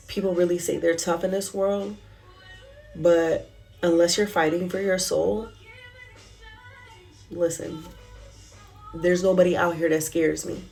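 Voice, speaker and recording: A woman's voice: fairly low pitch, dark tone. Candid woman sharing a spoken devotional. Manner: candid, conversational, emotional. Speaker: Christian speaker.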